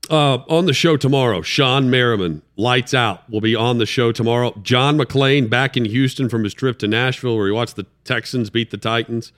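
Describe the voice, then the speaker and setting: A man hosting a sports talk show, bantering and reading the show's plugs briskly. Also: mid-range voice, a bit bright. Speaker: sports radio host.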